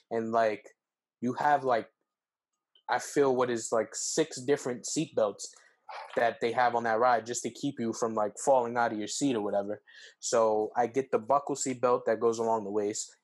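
A young man, co-hosting a podcast, telling a story casually with lots of fillers and jumping up in pitch when acting out quotes. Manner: animated, acts out quotes with pitch jumps, heavy fillers. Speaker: podcast co-host.

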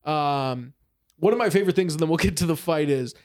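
A man in casual podcast chat, an excitable storyteller who laughs a lot and acts out what others said. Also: fairly high pitch, fairly quick.

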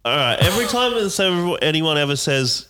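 A man co-hosting a casual podcast, teasing his co-hosts with quick comebacks. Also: a little high, sing-song, pushed and bright. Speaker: podcast co-host. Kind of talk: casual chat.

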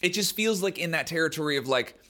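A man's voice: a little high, animated, fast talker, pushed and bright. A young adult man co-hosting a podcast, musing in a loose, rambling way, full of "like" and "man". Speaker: podcast co-host. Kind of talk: casual chat.

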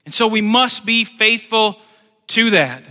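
High, sharp-toned man preaching a sermon, lively with wry asides, long church reverb. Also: unhurried. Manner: animated, swings between loud emphasis and quiet asides; joking asides in plain everyday speech. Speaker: pastor. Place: church sanctuary.

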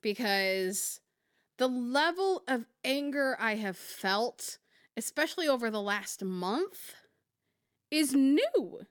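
A woman's voice: on the high side, very animated, slow pace, dry recording, studio quality. A woman co-hosting a casual podcast, emphatic and passionate, swearing freely. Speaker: podcast co-host.

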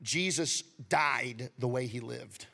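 A male pastor preaching a sermon, swinging from loud, animated passages to hushed near-whispers. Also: medium pitch, takes it slowly, vocal fry, soft background music.

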